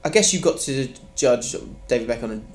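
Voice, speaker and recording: A man hosting a casual football podcast, chatty and quick to laugh. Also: mid-range voice, animated, darkish tone. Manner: laughs often, loose and chatty. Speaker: podcast host.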